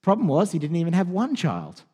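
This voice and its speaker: A man preaching a sermon as a pastor, talking in a conversational, expressive way with frequent restarts. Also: a little high, fairly quick, husky, big-room sound. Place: church hall.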